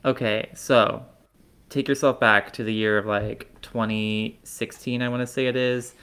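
A man co-hosting a podcast, telling a story in a casual, animated, giggly way. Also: mid-range voice, a little slow, clean tone. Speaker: podcast co-host.

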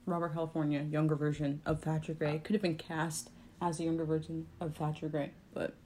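A young adult woman co-hosting a casual chat, talkative and quick to finish her partner's sentences. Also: low-pitched, flat delivery, warm tone, a little hiss or hum.

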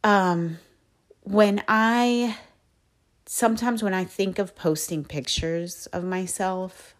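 A woman hosting a podcast, talking through her feelings in a candid, reflective monologue, soft-spoken and pausing often to find her words. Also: medium pitch, fairly even intonation. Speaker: podcast host.

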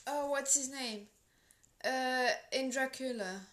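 A French woman with a French accent chats in English as a podcast co-host, teasing and easygoing. Her voice sits somewhat high for a woman. The room is echoey. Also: slow, noisy background. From France. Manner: teasing, chatty. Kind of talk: casual chat.

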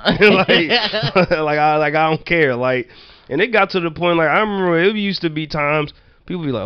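A man telling rambling childhood stories in a relaxed, profane chat, full of "like" and quick laughs. His voice sits a bit high for a man. The sound is dry and dull, with a slightly muffled, lo-fi edge. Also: smooth, no room sound. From Virginia, US. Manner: loose, profane, laughing anecdotes with many "like" fillers. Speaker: storyteller. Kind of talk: casual storytelling chat.

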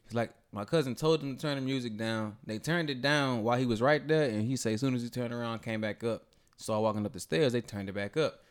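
A man's voice: mid-range voice, quick pace, clean tone. A man on a podcast, telling a story in casual, profane chat and acting out the people in it. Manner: animated, profane storytelling with voiced quotes. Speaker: podcast host.

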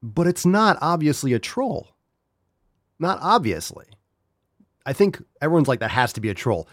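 A man's voice: a little high, very animated, normal speed, a bit bright, no room sound. Exasperated man hosting a podcast, dry sound. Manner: exasperated, swears freely, talks straight to his audience. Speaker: podcast host. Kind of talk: casual profane commentary.

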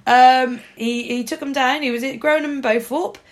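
A woman in her thirties tells a story on a podcast in a lively, chatty way. She swears freely and puts on voices for the people in her story. Her voice sits a little high. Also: normal speed. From Norfolk, England. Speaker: podcast co-host. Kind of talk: casual chat.

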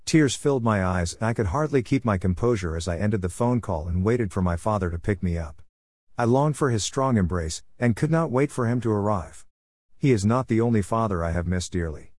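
A man with a low voice reads a first-person story in an earnest, reflective way. The recording is dry and close, without room echo. He tells it steadily as a storyteller. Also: animated, brisk, darkish tone. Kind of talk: scripted first-person narration.

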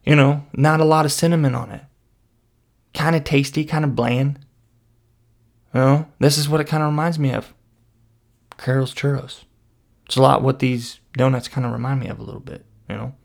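Creaky-voiced man rambling on camera. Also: medium pitch, fairly quick. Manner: meandering, deadpan, lots of "you know". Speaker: vlogger. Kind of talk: rambling comic storytelling.

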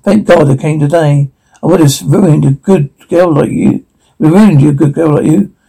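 A man voices a lonely young man who has made a school cellar his home. His tone sits a touch high and mellow, and he talks in soft, rambling bursts of unsettling devotion. Like a horror game figure, he sounds sincere and off at once. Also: moderate pace, gravelly, breathy edge, rough recording. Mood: preachy.

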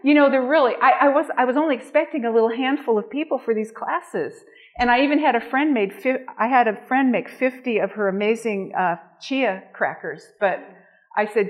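A woman's voice: on the high side, brisk. Gushing woman teaching a cooking class. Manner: enthusiastic, gushing. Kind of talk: live cooking demonstration talk.

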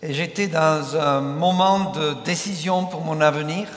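An older man with a French accent delivers a sermon in short measured phrases with hesitant fillers, waiting between them for his interpreter. His voice sits a bit high for a man. The church sanctuary rings with a long, roomy echo. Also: steady tone. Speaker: visiting pastor. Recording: echoey church hall.

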